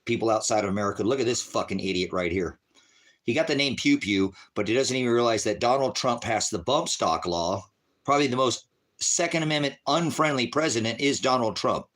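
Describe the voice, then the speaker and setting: A middle-aged man, a veteran hosting a ministry livestream, ranting with heavy profanity and shouting down viewers in the chat. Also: mid-range voice, a little fast. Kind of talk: angry livestream rant.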